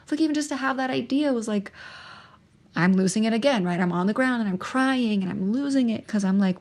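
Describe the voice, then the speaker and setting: Gravelly-voiced woman sharing testimony. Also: medium pitch. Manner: emotional, halting, with restarts and pauses. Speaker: podcast host sharing her testimony. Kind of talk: personal testimony monologue.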